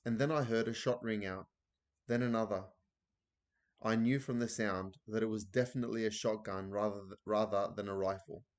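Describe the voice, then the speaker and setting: A man's voice: fairly low pitch, fairly even intonation, normal speed, natural voice. A man reading aloud as an elderly grandmother who tells a thrilling adventure story breathlessly.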